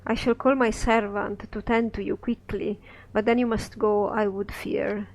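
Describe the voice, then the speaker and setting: A man's voice: high voice, level tone, low-quality recording. A man reading as a sorrowful ancient wizard. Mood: solemn. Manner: solemn rhyming verse, measured. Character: ancient lonely male wizard, cold and sorrowful. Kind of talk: reading a scripted play aloud.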